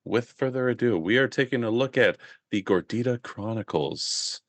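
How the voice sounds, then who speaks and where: A man hosting a podcast, introducing a guest and topics in a casual, animated way. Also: medium pitch, moderate pace, dry recording. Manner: animated, laughs often. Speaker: podcast host.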